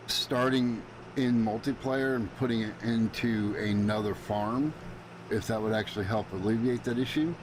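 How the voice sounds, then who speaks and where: Drowsy man rambling over noisy gameplay. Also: lowish voice. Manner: rambling, thinking aloud, informal. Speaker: game streamer. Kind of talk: live-streamed gameplay commentary.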